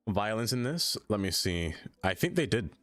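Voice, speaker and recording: A man's voice: fairly low pitch, sing-song, moderate pace, a bit bright, soft background music. A man streaming a city-building game, chatting casually with viewers in a playful, teasing way. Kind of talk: casual live-stream chat.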